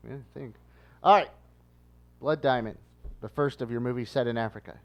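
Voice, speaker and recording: A man hosting a relaxed podcast movie game in a mid-pitched everyday voice. He reads out the scores, calls on each player by name, and keeps the banter moving. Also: moderate pace, lo-fi sound.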